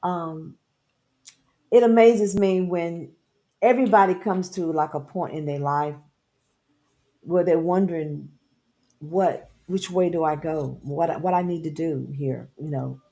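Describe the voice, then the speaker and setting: A woman's voice: low voice, measured pace, pauses often, dark tone. A woman co-hosting a live talk show, speaking in an encouraging, affirming way with a preacher-like cadence. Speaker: co-host. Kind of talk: casual chat on a live show.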